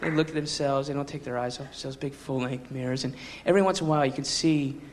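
A man does stand-up in a live club, rambling quickly and adding wry asides with a laugh. His voice is mid-range and steady, with crowd sounds and noise around him.

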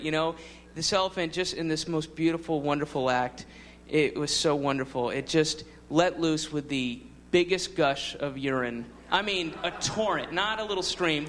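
A man doing stand-up comedy on stage, telling a rambling story that builds into excited yelling. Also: sits high. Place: comedy stage before an audience. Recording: live show with loud crowd noise.

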